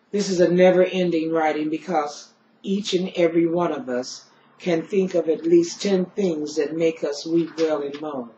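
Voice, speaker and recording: A woman's voice: low-pitched, dark tone, a little hiss or hum. A middle-aged woman giving a solemn, grieving spoken-word poetry recital, leaning on a repeated refrain. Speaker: poet. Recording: roomy, dull lo-fi recording.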